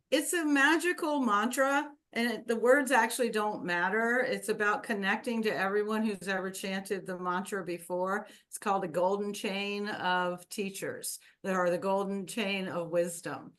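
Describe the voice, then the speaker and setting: A woman's voice: mid-range voice, normal speed, fairly bright tone. A woman hosting a wellness workshop, teaching a group in a chatty, meandering way. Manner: chatty, meandering, with fillers and laughs.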